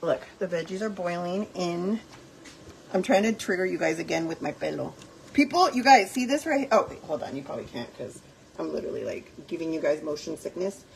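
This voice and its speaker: A woman's voice: lowish voice, animated, brisk, creaky, slight background noise, poor audio. A young woman hosting a casual cooking vlog from her home kitchen, chatting freely and dropping in phrases. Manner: chatty, switches into Spanish phrases, frequent fillers. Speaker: cooking vlogger. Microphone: phone on a tripod.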